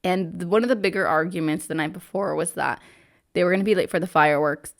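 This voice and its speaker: A woman's voice: fairly low pitch, fast talker. A woman co-hosting a book club podcast, retelling the plot in casual chat with lots of "like". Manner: chatty, lots of "like", retells plot with quoted lines. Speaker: podcast co-host.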